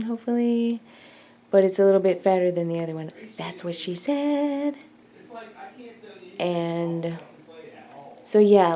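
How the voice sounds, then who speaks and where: A woman's voice: medium pitch, mellow. A woman vlogging in a casual chat, rambling and self-mocking as she tinkers and jokes.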